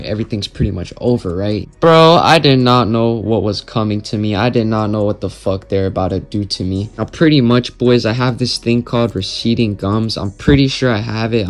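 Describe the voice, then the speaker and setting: A young man telling a personal story to his viewers in a casual, rambling way, swearing a lot and calling them "boys". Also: mid-range voice. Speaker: storytime vlogger.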